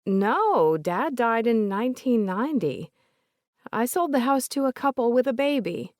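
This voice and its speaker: Woman reading a soft-spoken older Southern lady. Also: fairly high pitch, animated, a little slow, no echo, studio quality, pitched above the performer's own voice. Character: older Southern woman, polite, remorseful about her late father.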